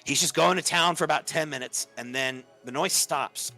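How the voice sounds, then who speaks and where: A young man on a podcast tells a story in a casual, chatty way, saying "like" often and acting out the quoted lines. His voice is fairly high, bright and forceful, at a moderate pace. Soft music plays in the background.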